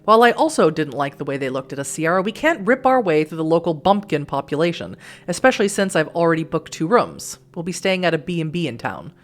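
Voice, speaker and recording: A woman voicing a poised, cultivated man with dry reserve, in a measured and calmly wry way, while reading a text game aloud. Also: low voice.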